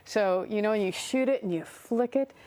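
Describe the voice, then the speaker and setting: A woman's voice: mid-range voice, normal speed, darkish tone. Chatty woman telling stories in an interview. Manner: chatty, laughs often, many fillers and restarts. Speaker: interview guest, artist and songwriter. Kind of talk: casual interview storytelling.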